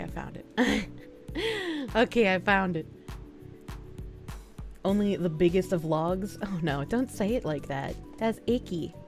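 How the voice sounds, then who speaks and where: A woman livestreamer chatting casually and reading viewer messages aloud with frequent thanks, feeling sick with nausea and hiccups, often laughing. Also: medium pitch.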